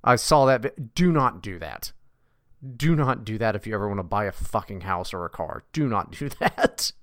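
Man, podcast co-host, profane, blunt, mocking, animated pitch, dry sound. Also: moderate pace, no echo. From West Virginia. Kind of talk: casual chat.

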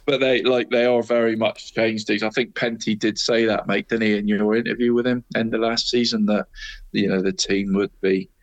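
A man's voice: on the low side, flat delivery, normal speed. A man going through local football results in casual podcast chat, tacking "mate" onto nearly every phrase. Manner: chatty, says "mate" after almost every phrase.

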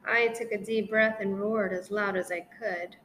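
A woman reading a children's storybook aloud with a playful, expressive delivery. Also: medium pitch, normal speed, slight background noise.

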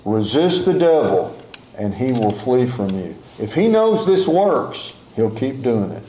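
A male pastor gives an unhurried sermon in a warm, mellow voice. He talks to the congregation like a conversation, repeats key phrases and stops to correct himself. The voice rings out in a roomy church hall. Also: medium pitch, very animated. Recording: echoey room.

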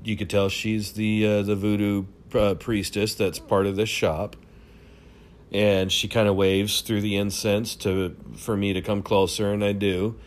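Guy rambling thru a story at home, lots of uhs, gets excited in bursts, kinda low voice. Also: unhurried. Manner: rambling, many fillers and restarts; animated, swings up in excited bursts. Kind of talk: casual storytelling. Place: home room.

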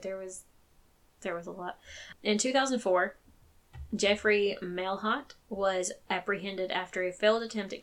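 This woman hosts a true crime podcast in a casual, chatty style, her voice medium in pitch and fairly bright. She swears freely, and when anger takes over she becomes firm and emphatic.

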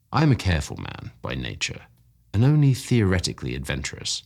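Deep husky guy reading an old story, voice goes up and down a lot. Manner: measured, expressive storytelling. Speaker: story reader. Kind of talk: audiobook narration.

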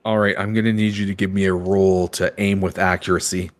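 A man's voice: low voice, flat delivery, brisk. A man narrating a comedic tabletop game as game master, describing action scenes playfully.

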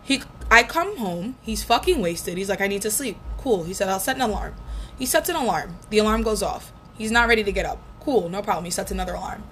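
A woman's voice: medium pitch, animated, a little fast, few pauses, a bit bright. A young woman in her twenties, candidly recounting a painful first breakup in a casual, profane storytelling way. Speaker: vlogger. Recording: faint background noise.

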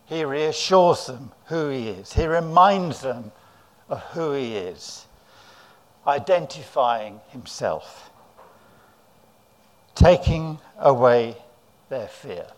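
A man's voice: medium pitch, expressive, takes it slowly, pauses often. A man with an English accent preaching a sermon, telling the story dramatically and voicing the disciples' cries.

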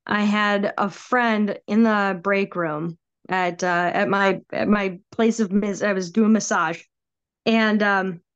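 A woman guest telling a personal ghost story in a casual, animated way. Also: medium pitch, slow, clean tone, highs cut off. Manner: animated, acts out quoted voices.

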